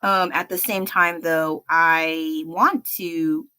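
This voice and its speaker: Bright-voiced young American woman chatting. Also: sits low, fairly even intonation, slow, smooth. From United States. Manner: rambling and self-deprecating, with frequent laughs and fillers. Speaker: livestreaming artist. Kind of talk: casual livestream chat while painting.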